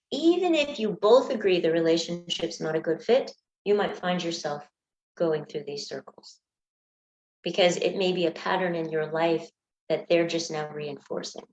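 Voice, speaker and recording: A woman coaching listeners through breakup stages in an earnest teaching talk, sometimes acting out examples. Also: lowish voice. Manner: earnest, acts out examples in small voices. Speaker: anxiety coach. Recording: echoey room, dull lo-fi sound.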